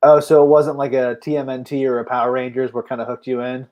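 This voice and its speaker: A man's voice: medium pitch, flat delivery, fast, warm tone. A man co-hosting a casual chat, telling stories and laughing often. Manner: chatty storyteller, laughs often. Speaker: co-host.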